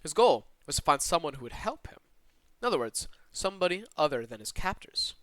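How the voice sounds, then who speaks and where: A man with a slight Southern twang reads a visual novel aloud on a live stream from his own room. He talks fast and with a lively, bouncing pitch, breaking off for quick asides. His voice is bright, and the sound is dry and close. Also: dry recording. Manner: animated and expressive, with quick asides to chat.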